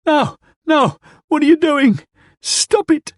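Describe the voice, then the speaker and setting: A man voicing a terrified, beaten drunk man who screams and pleads in a shrill voice. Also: animated, slow pace, no echo, studio quality, heavily acted. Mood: terrified pleading.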